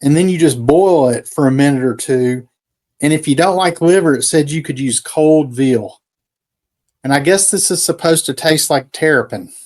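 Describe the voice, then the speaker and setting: A man's voice: fairly high pitch, normal speed, a little mellow. A man co-hosting a casual podcast, reading aloud from an old cookbook and adding dry, folksy asides. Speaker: podcast co-host. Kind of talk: casual chat.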